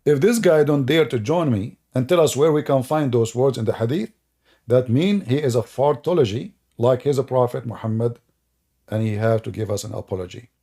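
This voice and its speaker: Male stream host, gravelly and dark-toned, sarcastic and mocking, loose grammar. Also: mid-range voice, normal speed. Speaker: livestream host taking callers. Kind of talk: mocking religious-debate livestream.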